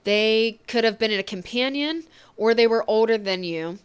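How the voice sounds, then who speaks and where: A woman giving an emotional, reassuring tarot reading, speaking gently and getting choked up at times. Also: a little high, normal speed, clear, resonant tone. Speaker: tarot reader.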